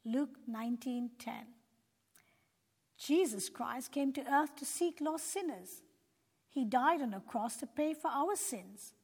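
A woman narrating a children's Bible story in an earnest, gentle preaching tone. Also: sits high, animated, takes it slowly, breathy edge. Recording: long hall reverb.

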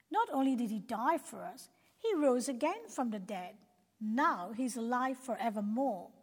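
A woman narrating a children's Bible story in an earnest, gentle preaching tone. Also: fairly high pitch, husky. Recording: long hall reverb.

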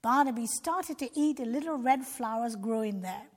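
A woman's voice: on the high side, animated, normal speed, hardly any pauses, darkish tone. A woman narrating a Christian children's story expressively, talking directly to young listeners. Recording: long reverb.

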